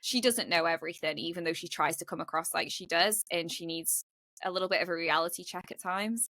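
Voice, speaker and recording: Bright, chatty woman co-host. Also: fairly low pitch, brisk, no room sound, studio quality. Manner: chatty, frequent "like" fillers, laughs often. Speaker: podcast co-host. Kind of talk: casual chat.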